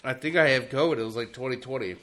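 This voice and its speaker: Animated man telling stories on a podcast. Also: medium pitch, quick pace. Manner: animated storyteller, swears casually. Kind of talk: casual podcast storytelling.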